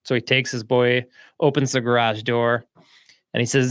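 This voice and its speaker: A laid-back man telling a story on a business podcast, chatty and loose, with filler words throughout. His voice sits at an ordinary pitch, recorded close and dry with no room sound. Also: moderate pace, smooth, no room sound. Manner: relaxed, chatty, lots of "like" and "right?". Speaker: podcast host. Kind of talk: casual storytelling. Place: lives in Florida.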